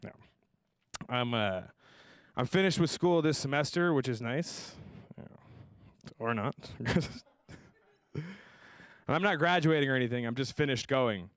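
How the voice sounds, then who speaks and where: Young man, stand-up comedy host, deadpan jokes, animated pitch jumps, dry close sound. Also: measured pace, long pauses, smooth, no echo. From Tucson, Arizona area. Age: young adult. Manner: deadpan self-deprecating jokes, lively voiced impressions. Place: comedy stage before a live audience.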